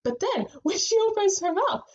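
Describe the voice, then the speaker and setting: A woman co-hosting a casual fan podcast, talking in an animated way with frequent laughs and fillers. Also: very high voice, normal speed. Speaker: podcast co-host. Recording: muffled lo-fi sound.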